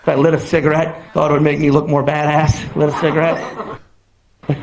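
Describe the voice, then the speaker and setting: High-voiced young man doing stand-up. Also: fast, a little hiss or hum, poor audio. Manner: animated storytelling, acted-out exclamations. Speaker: stand-up comedian. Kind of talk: stand-up comedy routine. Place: comedy club stage. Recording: live audience laughter. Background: crowd laughing.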